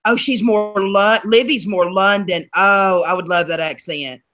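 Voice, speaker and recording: A woman's voice: medium pitch, unhurried. Chatty Southern woman who laughs a lot. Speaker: co-host. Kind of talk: casual chat.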